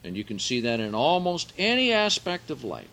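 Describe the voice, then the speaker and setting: A man preaching a Bible teaching sermon, slow and emphatic, lifting his voice on key words and carefully sounding out Greek phrases. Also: mid-range voice, wildly swooping pitch, sharp tone.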